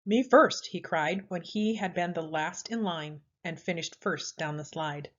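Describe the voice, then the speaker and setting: A woman reading a children's picture book aloud in a lively, expressive way. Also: low voice, a little slow. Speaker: storyteller. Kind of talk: children's story read-aloud. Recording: slightly dull lo-fi audio.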